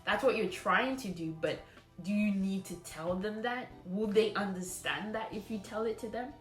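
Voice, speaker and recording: A woman's voice: medium pitch, normal speed, reverberant, soft background music. A woman teacher trainer giving a recorded lecture, explaining patiently and thinking aloud with fillers and restarts. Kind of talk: recorded lecture on lesson scripts.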